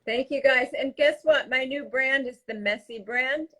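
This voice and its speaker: A woman's voice: high voice, normal speed, pushed and bright. A woman guest on a live stream, giving direct, matter-of-fact business advice in casual chat. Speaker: guest, fashion business owner.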